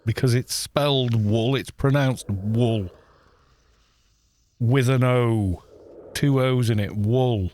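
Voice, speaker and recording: A man's voice: medium pitch, slow, long pauses, a little mellow, a little hiss or hum. A man with a Welsh accent from Wales, chatting casually and rambling with joking asides while streaming a game. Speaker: gaming streamer. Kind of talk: casual live-stream chat.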